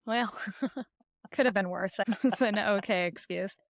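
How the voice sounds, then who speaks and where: A woman's voice: mid-range voice, dry recording. Laughing woman in dry podcast chat. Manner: laughing, quick reactions. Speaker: podcast panelist. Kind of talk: casual chat.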